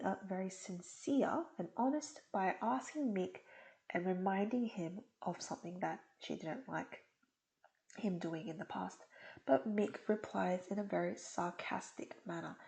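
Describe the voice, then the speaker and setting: Gravelly, mellow-voiced woman tutor. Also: mid-range voice, measured pace, poor audio. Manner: patient, step-by-step explaining. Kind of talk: explaining test questions.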